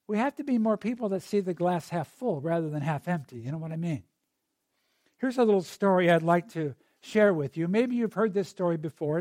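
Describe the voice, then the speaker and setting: A man's voice: high voice, dark tone, no echo. A man preaching a sermon in a conversational way, with asides and little digressions as he tells a story.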